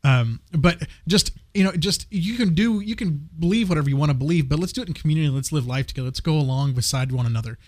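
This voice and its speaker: A man's voice: on the high side, quick pace, few pauses, dry recording, clean studio sound. Enthusiastic man talking faith. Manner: enthusiastic, restarts sentences. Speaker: co-host. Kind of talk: casual faith discussion.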